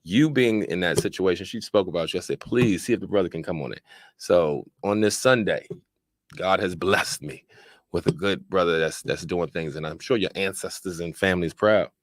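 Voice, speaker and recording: A man from Washington, D.C., hosting a casual podcast chat in a studio, talking loosely and giving shout-outs. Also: low voice, moderate pace, no room sound. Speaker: podcast host.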